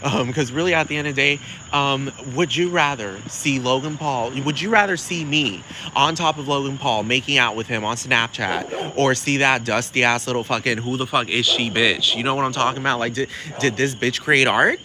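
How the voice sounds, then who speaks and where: A man delivering a sassy, profane comedic rant, rambling fast with plenty of attitude. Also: medium pitch, noisy background.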